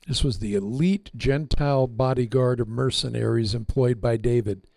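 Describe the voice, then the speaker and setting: Gravelly preacher man, dramatic and jokey, dry sound. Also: mid-range voice, steady tone, normal speed, hardly any pauses, darkish tone, no room sound. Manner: dramatic, playful storyteller. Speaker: pastor. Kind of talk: sermon.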